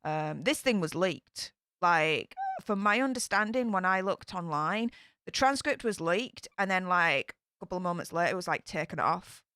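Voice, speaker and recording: A woman's voice: lowish voice, expressive, normal speed, pushed and bright, clean tone, no room sound, studio quality. A young woman with a Yorkshire accent chatting casually on a live stream, greeting viewers by name. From England.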